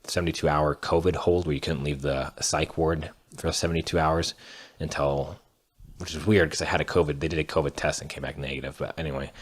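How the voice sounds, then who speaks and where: A young man telling his own story in a halting, candid way, with many fillers, restarts and the odd curse word. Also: very deep voice, steady tone, breathy edge. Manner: earnest, candid, occasionally cursing. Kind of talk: personal storytelling monologue.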